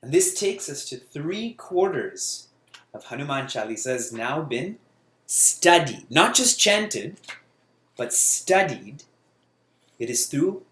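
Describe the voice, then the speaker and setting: A lively man teaching in an echoey room. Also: medium pitch. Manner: lively, laughing storyteller. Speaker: spiritual teacher. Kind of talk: spiritual talk.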